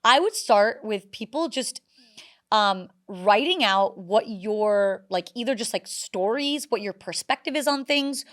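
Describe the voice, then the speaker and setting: A woman in her thirties, a comedian guest on a podcast, telling stories in a lively way with many fillers. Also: medium pitch, measured pace. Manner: animated storyteller, many "like" fillers. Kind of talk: casual podcast interview.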